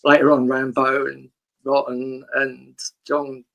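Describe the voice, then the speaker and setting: A man's voice: medium pitch, completely flat delivery, takes it slowly, gravelly, a bit bright, dull audio. A man hosting a podcast, asking rambling questions and telling his own anecdotes in casual chat. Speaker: podcast host.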